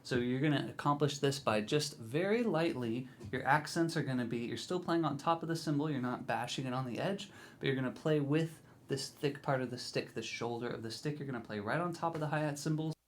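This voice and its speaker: A man teaching drums, explaining grooves in a relaxed, encouraging way, counting in and scatting rhythms. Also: mid-range voice, a little fast, a little hiss or hum. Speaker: drum teacher. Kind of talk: instructional video talk.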